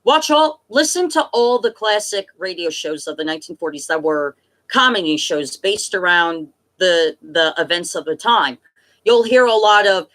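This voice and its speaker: A woman's voice: fairly low pitch, lively intonation, unhurried, fairly bright tone. A woman from the United States ranting to camera as a political vlogger, emphatic, exasperated and swearing often.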